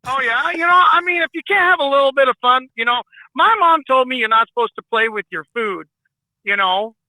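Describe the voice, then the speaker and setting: A man's voice: very high voice, lively intonation, brisk, pushed and bright, dry recording, rough recording. A man who drives trucks, a guest in casual chat, playful and laughing, full of fillers. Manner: playful, laughs a lot, many "you know" fillers.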